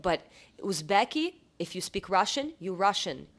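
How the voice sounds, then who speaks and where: An American woman who works in a caviar store, explaining things clearly in a casual conversation and laughing easily. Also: medium pitch, sing-song, moderate pace.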